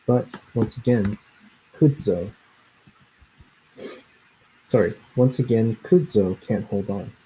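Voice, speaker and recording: A man narrating a children's story in the first person, measured and plain. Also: lowish voice, warm tone, slightly rough, poor audio. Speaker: audiobook narrator.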